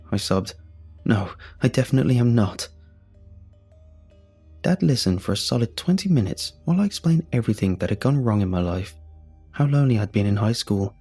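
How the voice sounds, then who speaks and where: A man narrating a first-person story in a measured, quietly earnest way. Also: lowish voice.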